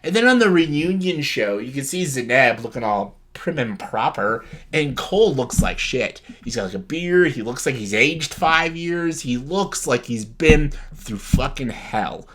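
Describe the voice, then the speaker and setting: A man's voice: mid-range voice, expressive, measured pace, few pauses, fairly bright tone. A young man vlogging casual commentary on a reality show, talking bluntly with lots of swearing and exasperation. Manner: blunt, heavily profane, exasperated ranting.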